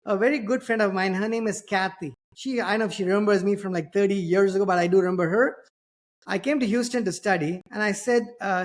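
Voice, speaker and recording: A man's voice: sits high, quick pace. A middle-aged man from India with an Indian accent, hosting a podcast in a chatty, self-deprecating way. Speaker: podcast host. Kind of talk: casual conversation.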